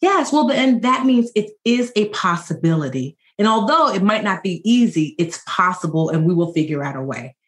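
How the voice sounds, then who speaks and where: A woman in her forties, a financial educator and podcast guest, telling stories in a lively, joking way. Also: lowish voice, moderate pace, hardly any pauses. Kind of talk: conversational podcast interview.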